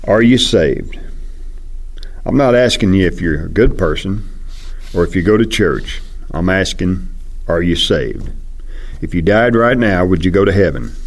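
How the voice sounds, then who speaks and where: A man preaching an evangelistic sermon in a loud, fast and insistent way. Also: sits low, animated.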